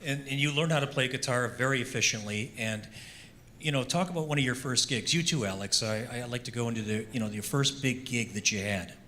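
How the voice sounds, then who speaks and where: A man's voice: mid-range voice, brisk, bright, forceful tone, a little hiss or hum. A man interviewing a musician, asking questions and reacting with encouragement.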